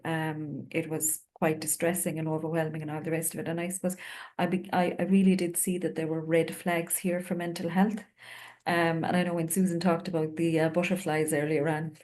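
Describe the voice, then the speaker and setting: An Irish woman with a low voice tells a story from her work as a home visitor. She speaks earnestly and reflectively, pausing on fillers as she goes. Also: a little mellow. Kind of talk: panel discussion storytelling.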